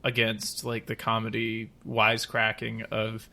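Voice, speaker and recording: Bright-voiced male co-host, searching for words. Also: lowish voice, completely flat delivery, a little slow, creaky. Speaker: podcast co-host. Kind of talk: casual chat.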